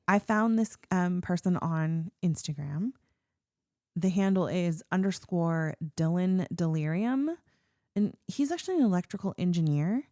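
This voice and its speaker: A woman's voice: on the low side, lively intonation, unhurried, warm tone, dry recording, studio quality. A woman co-hosting a podcast, musing in casual chat and laughing often. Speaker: podcast co-host.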